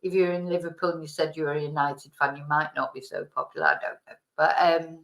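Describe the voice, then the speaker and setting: A woman's voice: sits low, steady tone, quick pace, a bit bright. A woman from Manchester, with a light Manchester accent, chatting casually to camera, rambling and correcting herself as she goes, with a laugh now and then. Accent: Mancunian, softened. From Manchester, England. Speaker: vlogger. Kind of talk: casual chat. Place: home, lives in Spain.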